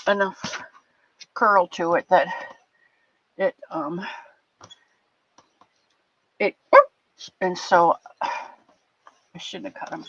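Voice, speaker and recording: An older woman hosting a livestream, chatting warmly and rambling with her viewers in a casual, affectionate way. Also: fairly low pitch, no room sound. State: a bit teary. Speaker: livestream host. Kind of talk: casual chat with live chat viewers. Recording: dull lo-fi dry sound.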